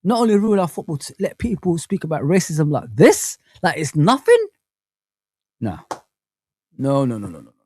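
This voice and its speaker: A man's voice: fairly high pitch, wildly swooping pitch, moderate pace, pauses often, darkish tone, a little hiss or hum. A man hosting a live football fan stream, ranting with passion and repeating himself. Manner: impassioned, indignant, repeats himself. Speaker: host of a football fan channel. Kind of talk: live reaction rant.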